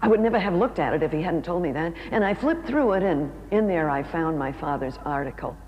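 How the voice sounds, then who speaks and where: A speaker telling a personal story in a sermon, slowing down and softening for emphasis. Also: medium pitch, animated, highs cut off. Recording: reverberant hall with faint noise.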